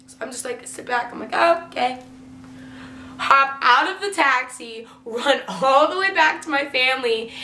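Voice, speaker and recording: A woman's voice: high voice, bright, forceful tone. A young woman telling a story in a casual vlog, chatty and filling her talk with "like" and the odd swear word. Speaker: vlogger. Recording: roomy echo with faint hum.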